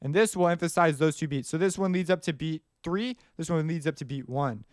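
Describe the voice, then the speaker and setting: A man's voice: on the high side, a little fast, dry recording, clean studio sound. A man teaching music production in a casual, rambling way, often singing rhythms aloud as he explains. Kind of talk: screen-recorded tutorial explanation.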